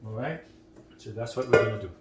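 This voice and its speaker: A man hosting a casual cooking demonstration in a home kitchen, chatting as he works and often checking in with the viewer with a quick "right?". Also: lowish voice, heavy background noise. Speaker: home cook host. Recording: roomy kitchen with loud clattering.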